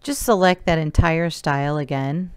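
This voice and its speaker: A woman's voice: sits low, normal speed, a little mellow, clean tone, no echo. A woman teacher giving a recorded remote lesson, explaining each step patiently and counting elements aloud.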